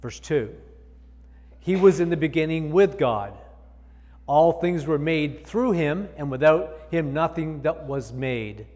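A man's voice: a little high, lively intonation, slow, darkish tone, long reverb tail. A male pastor preaching a sermon, reading scripture aloud and explaining it with emphatic repetition.

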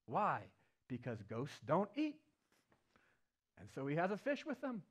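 A man preaching an Easter sermon as a playful, animated retelling with acted-out quotes. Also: on the high side, measured pace, husky. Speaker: pastor. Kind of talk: storytelling sermon.

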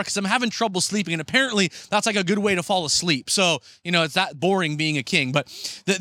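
A man preaching a sermon as pastor, retelling a story and acting out the characters' lines in a lively way. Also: high voice, dry recording.

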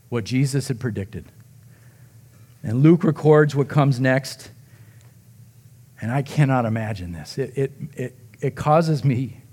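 Preaching as pastor, a man with a mid-range voice tells the story with drama, performing each quoted voice. At the emotional points he sinks almost to a whisper.

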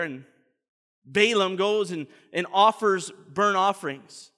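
A high, bright male pastor tells a story in an animated way during his sermon. He often stumbles into repeated words. His voice rings with a long reverb in the church sanctuary. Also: unhurried.

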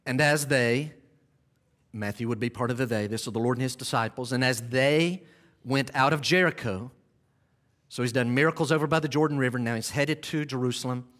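A man preaching an expository sermon, talking listeners through a scene, repeating and restarting phrases and drawing out key words, with sudden loud cries when he acts out the scene. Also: medium pitch, brisk.

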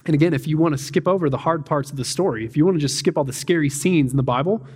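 A man preaches in a loose, talky way, dropping in fillers and playing out little voices. His voice sits a bit high for a man. The sound has a long reverb tail from a large hall. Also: racing, a little mellow, husky. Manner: conversational, peppered with "like" and "man", acts out voices. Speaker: pastor. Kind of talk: casual sermon.

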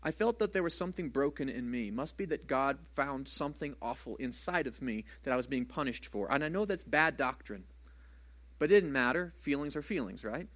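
A man's voice: medium pitch, expressive, brisk, a bit bright. A man preaching a sermon as a pastor in a church, talking conversationally and asking the congregation rhetorical questions.

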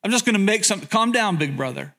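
A man's voice: sits high, animated, fast, sharp tone, full character voice. A man preacher voicing a sheepish biblical man, Aaron, who pleads and makes flustered excuses. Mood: pleading.

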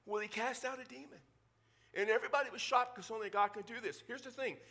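A male pastor preaching a sermon in a conversational, animated way, with joking asides to the congregation. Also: very high voice, fast. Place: church.

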